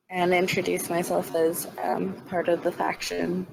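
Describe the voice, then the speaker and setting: Slow, gravelly-voiced woman player. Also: fairly low pitch, background noise. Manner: halting, filler-heavy. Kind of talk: tabletop game chat.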